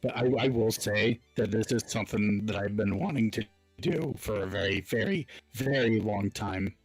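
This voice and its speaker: A man's voice: fairly low pitch, moderate pace, husky, soft background music. A man hosting a podcast, telling a story casually with lots of fillers and laughs. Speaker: podcast host. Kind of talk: casual chat.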